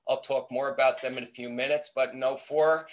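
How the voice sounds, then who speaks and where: A man's voice: medium pitch, steady tone, a little fast, dull audio, a little hiss or hum. A middle-aged American man, an entomology professor, telling a playful story in a webinar talk. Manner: storytelling, acting out quoted voices, playful. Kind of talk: lively anecdotal talk.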